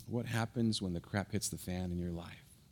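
A preaching male pastor moves from an animated, energetic story to a soft, low delivery meant to press a point. He stumbles now and then and quickly restarts.

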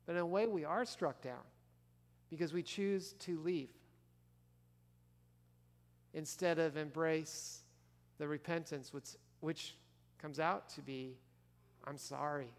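A man's voice: a little high, takes it slowly, long pauses. A male pastor preaching a conversational sermon in church, asking the congregation questions as he goes. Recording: long reverb of a large church hall.

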